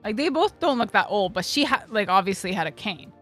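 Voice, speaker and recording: A woman's voice: medium pitch, lively intonation, brisk, fairly bright tone, faint music behind. A young woman streamer telling a casual story, rambling with lots of fillers and swearing freely.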